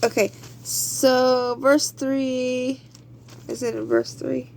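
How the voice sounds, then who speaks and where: A woman leads a casual Bible study in a fairly high voice. She takes her time, talks like a friend with plenty of fillers, and then builds into fervent, preachy exhortation. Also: flat delivery, very slow, vocal fry, a little hiss or hum. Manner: conversational with fillers.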